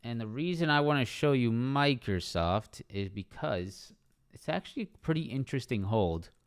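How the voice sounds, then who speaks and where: On a streaming microphone, a young man livestreams stock market analysis in a casual way, repeating price levels and asking "right?" often. His voice is mid-range, expressive, and smooth at a normal speed.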